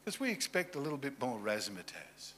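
A man preaching a sermon, animated, moving from loud emphasis to hushed, intimate asides and acting out voices from the story. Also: mid-range voice, a little fast. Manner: acts out voices of people in the story. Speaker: pastor.

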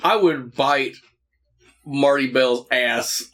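A man's voice: mid-range voice, slow pace, fairly bright tone. A man chatting casually over a wrestling match, often stammering and restarting, with crude jokes. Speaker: co-host watching wrestling.

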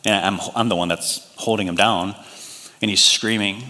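Man, pastor, sermon, lively storytelling, voices quoted characters, big hall echo. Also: fairly low pitch, fairly quick. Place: large church hall. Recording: long hall reverb.

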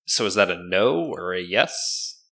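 A man running a tabletop game as game master, talking in a halting way with many fillers. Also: low-pitched, big pitch swings, creaky, fairly bright tone.

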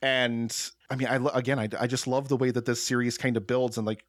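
Relaxed man in casual chat. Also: mid-range voice, quick pace, dry recording, studio quality. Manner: relaxed, enthusiastic, filler-heavy.

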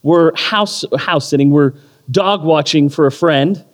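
A man in his thirties preaching a sermon, telling a story with animated, self-deprecating humor. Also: fairly high pitch, measured pace. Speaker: pastor. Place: church or community hall. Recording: long hall reverb.

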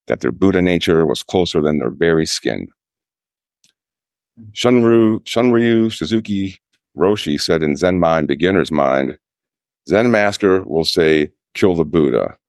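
A Zen priest giving a dharma talk, telling a teaching story in a slow, measured way with pauses. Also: male voice, a bass voice, no echo, clean studio sound.

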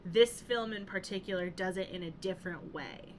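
Dry, deadpan woman podcaster. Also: moderate pace, slight background noise. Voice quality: short. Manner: dry, deadpan asides, drops low and quiet. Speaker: podcast co-host. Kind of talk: casual chat reviewing a movie.

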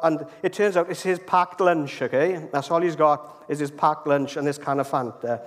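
A Welsh man delivers a storytelling sermon in a fairly high voice, chatty and easygoing, often pausing to ask his listeners "okay?". His words ring on with the long reverb of a large hall. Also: fairly even intonation. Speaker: preacher.

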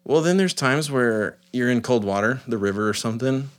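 A man chats in a relaxed, rambling way. His voice sits in a middle range, and he acts out little quotes as he tells stories about his family. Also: medium pitch, fairly quick. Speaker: business owner and father. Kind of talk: casual podcast chat.

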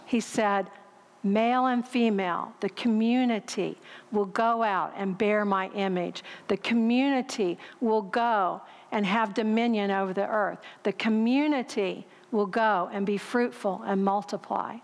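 A woman's voice: mid-range voice, unhurried, vocal fry. Woman preaching in a reverberant hall. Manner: conversational preaching with questions to the congregation. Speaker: speaker. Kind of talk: sermon.

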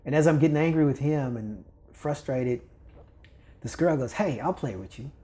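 A man's voice: mid-range voice, normal speed. An older man from Kentucky, a volleyball coach, telling a story in casual talk, acting out the voices of the people in it and laughing often. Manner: animated, acts out quoted voices, laughs often. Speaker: volleyball coach, podcast guest.

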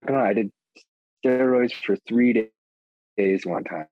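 A man's voice: on the low side, normal speed, dry recording. A man speaking as a guest in a casual interview, rambling with lots of filler words and blunt swearing. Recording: dull lo-fi audio.

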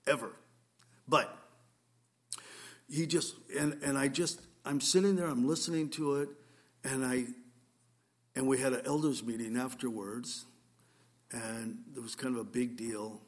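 A man's voice: medium pitch, normal speed, long pauses. A male pastor giving a conversational sermon, telling a story earnestly with frequent restarts.

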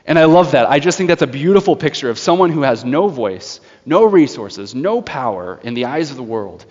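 A man's voice: mid-range voice, brisk, slightly rough. Man preaching in a reverberant hall. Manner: lively storytelling with laughs and acted-out voices. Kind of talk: sermon. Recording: dull sound with long hall reverb.

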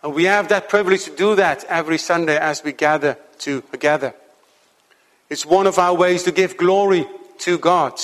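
A man preaching a sermon to his congregation in an earnest, measured way, slowing down to stress key points. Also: a little high, a bit bright, long reverb tail. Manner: earnest, measured preaching with slow emphatic stretches.

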